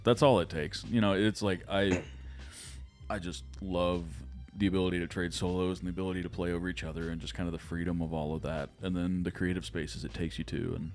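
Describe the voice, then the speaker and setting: A man's voice: sits low, a little mellow. A man in casual podcast chat, reviewing an album with enthusiasm and frequent restarts. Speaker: podcast co-host.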